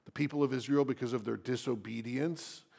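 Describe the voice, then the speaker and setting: A male pastor preaching an expository sermon. He reads scripture aloud and asks the congregation questions, speaking slowly and deliberately. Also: mid-range voice, fairly even intonation, creaky, darkish tone.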